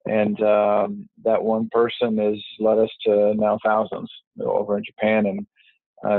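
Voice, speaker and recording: A man with a voice on the low side talks as an interview guest over a tinny, dry phone line with no room sound. He's a business networker, speaking casually and rambling, full of fillers and restarts.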